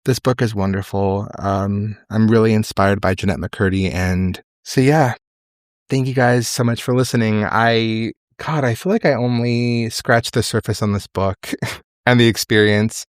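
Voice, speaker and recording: A man's voice: lowish voice, unhurried, no echo, studio quality. Candid young man hosting a podcast. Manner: candid, emotional, swears freely. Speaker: podcast host. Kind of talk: casual solo podcast talk.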